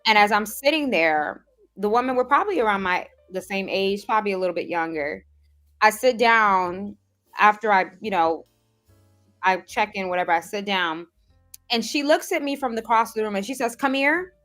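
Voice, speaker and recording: A woman telling a personal story as a vlog, animated and emphatic, acting out what others said. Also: mid-range voice, normal speed, faint music behind. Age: adult, has seen the same doctor since age sixteen. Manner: animated, quotes others in a mimicking voice, emphatic and indignant. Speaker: self-improvement vlogger. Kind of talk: casual storytelling monologue.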